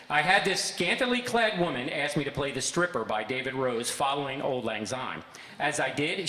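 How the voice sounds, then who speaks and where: A man's voice: sharp tone, slight background noise. Older man telling funny stories in an echoey hall. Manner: bursts into a booming fake DJ voice for jokes. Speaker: speaker giving a short stage talk. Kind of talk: humorous storytelling talk. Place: large hall with audience. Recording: echoey hall with long reverb.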